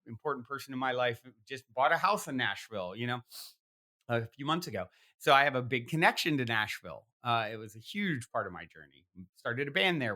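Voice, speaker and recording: A man's voice: mid-range voice, sharp tone. A man hosting a podcast, telling a long personal story in a rambling way with many fillers and restarts. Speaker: podcast host. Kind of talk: animated storytelling in conversation.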